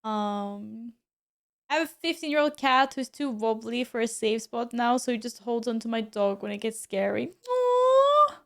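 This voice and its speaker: A young woman chats on her stream in a relaxed, casual way, her voice a touch higher than most. She laughs often and breaks into quick exclamations as she talks with her viewers. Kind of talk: casual chat, reading chat and commenting on her cats.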